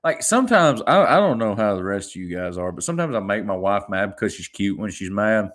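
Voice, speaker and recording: Guy in his 20s solo podcasting, kinda low voice, rambly, restarts a lot, chuckles. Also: sing-song, fairly quick, fairly bright tone. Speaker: podcast host. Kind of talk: casual solo podcast storytelling.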